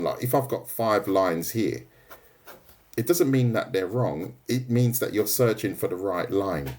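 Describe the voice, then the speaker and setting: Chatty man teaching drawing, lively. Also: fairly low pitch, a little slow. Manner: casual, chatty, laughs easily, says "right?" and "mate" often. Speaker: art tutor streaming live. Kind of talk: live drawing tutorial, chatting with viewers.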